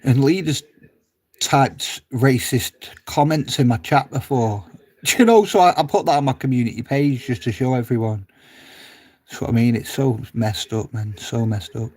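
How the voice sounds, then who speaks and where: A man chatting casually on a live stream, reading comments aloud, rambling, swearing freely and laughing often, sometimes dropping to a low mutter. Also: moderate pace, a little mellow.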